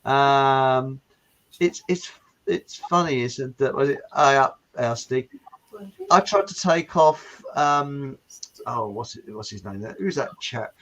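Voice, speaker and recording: A man's voice: mid-range voice, lively intonation, slow, a bit bright, highs cut off. A man with a Home Counties English accent hosting a casual chat show, rambling and hesitant with many fillers and restarts. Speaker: host.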